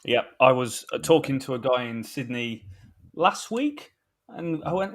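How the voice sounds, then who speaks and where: A man's voice: medium pitch, lively intonation, unhurried. A man from England hosting a cricket podcast, chatty and nostalgic in casual conversation. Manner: chatty, nostalgic, laughs often. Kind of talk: casual chat. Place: Australia.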